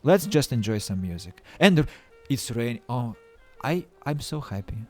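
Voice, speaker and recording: Halting man streaming a game. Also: medium pitch, sing-song, soft background music. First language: Russian. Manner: halting, stammering restarts, playful self-mocking. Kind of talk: casual game-stream chat.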